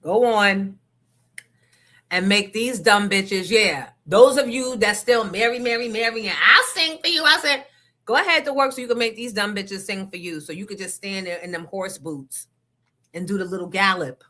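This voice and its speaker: A woman's voice: medium pitch, moderate pace, bright, forceful tone. A woman host ranting to her listeners in a blunt, profane, confrontational way. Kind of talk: casual rant to listeners.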